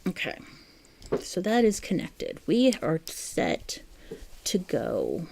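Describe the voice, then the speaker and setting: A woman's voice: lowish voice, wildly swooping pitch, slow, gravelly, darkish tone, husky. A woman chatting casually while she crochets on a livestream, reading out viewer comments, chatty and easily amused. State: has the hiccups.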